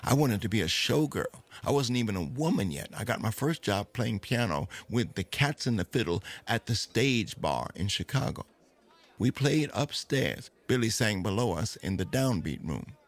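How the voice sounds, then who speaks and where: A man voicing a sassy, proud jazz queen. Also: fairly low pitch. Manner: sassy and commanding. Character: proud, sharp-tongued woman jazz singer.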